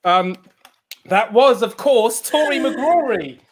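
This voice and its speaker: A man's voice: extremely high pitch, animated, slow, slight background noise. A man co-hosting a live online dance show, chatting casually, joking and reading out viewer comments.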